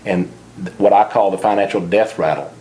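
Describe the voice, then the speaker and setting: A man's voice: sits low, brisk, warm tone, a little hiss or hum. A man being interviewed as the author of a finance book, talking earnestly and sometimes repeating a word as he starts a thought. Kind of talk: interview about personal finance.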